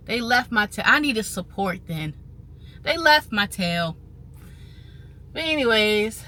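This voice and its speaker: A woman talks casually to her viewers in a vlog. Her voice is slightly high and bright, with a forceful edge. She is animated and chatty and repeats phrases for emphasis. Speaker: vlogger on trading and finance. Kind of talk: casual talk to camera.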